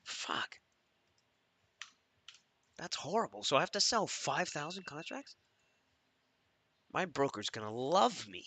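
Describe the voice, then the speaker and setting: Profane man thinking aloud, sharp voice. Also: fairly high pitch, big pitch swings, slow pace, pauses often, slightly rough, no room sound. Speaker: trader hosting a live stream. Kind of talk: live trading commentary.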